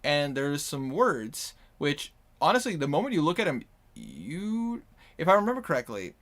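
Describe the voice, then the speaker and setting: A man's voice: on the high side, wildly swooping pitch, moderate pace, a bit bright. A man with a Minnesotan accent, narrating a tabletop game as game master in a rambling, casual way. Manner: rambling, casual descriptions with many fillers.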